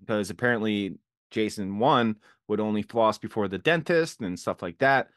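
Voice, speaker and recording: Low-voiced man recapping a show, dry sound. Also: no echo. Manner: fast, animated retelling with acted-out quotes. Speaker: podcast host recapping a TV show. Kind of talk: casual recap chat.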